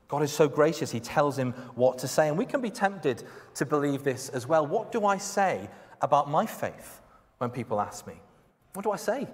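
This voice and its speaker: A man preaching a conversational, emphatic sermon, acting out quotes as he goes. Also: medium pitch. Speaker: pastor. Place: church hall. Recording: long hall reverb.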